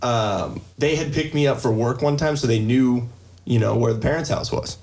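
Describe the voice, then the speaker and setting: A man's voice: medium pitch, normal speed, vocal fry, darkish tone. Rambling male podcast host. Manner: rambling anecdotes with frequent laughs. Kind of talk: casual chat.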